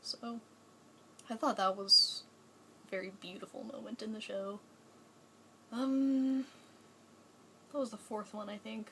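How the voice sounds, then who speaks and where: A woman's voice: fairly high pitch, steady tone, a little slow, long pauses, bright, forceful tone, a little hiss or hum, rough recording. Young woman gushing in a rambling vlog. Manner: chatty and rambling, many "like"s and restarts; gushing, enthusiastic. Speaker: vlogger. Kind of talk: casual fan vlog.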